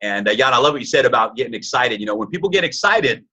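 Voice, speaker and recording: A man's voice: mid-range voice, lively intonation, fast, sharp tone, slightly rough. A man in his forties hosting a webinar, upbeat and hyped, with many fillers. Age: 40s. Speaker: webinar host. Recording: lo-fi webinar audio.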